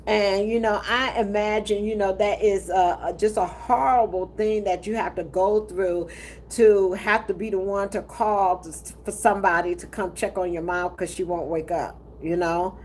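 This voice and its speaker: A woman who drives and recruits for trucking, chatting casually on a live stream with her viewers. She tells a heartfelt family story in a halting, hesitant way, with many pauses and fillers. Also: medium pitch, fairly even intonation, darkish tone, slight background noise.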